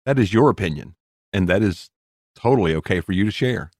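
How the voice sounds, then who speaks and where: A man's voice: low voice, animated, fairly quick, no room sound, clean studio sound. A man co-hosting a podcast in casual, jokey chat, laughing often. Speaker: podcast co-host.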